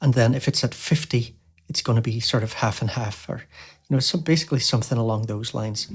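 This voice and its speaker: A man hosting a music software tutorial, explaining casually with lots of fillers like "you know" and "um". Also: mid-range voice, brisk, slightly rough. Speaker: tutorial host. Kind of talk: screen-recorded software tutorial.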